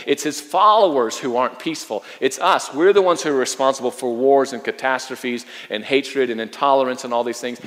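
A man's voice: fairly high pitch, a bit bright, long reverb tail. A man preaching a sermon as a pastor, earnest and emphatic, often repeating his phrases.

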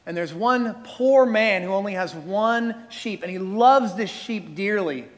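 A man voicing a solemn prophet, telling a parable in a measured way. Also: high voice. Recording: reverberant hall.

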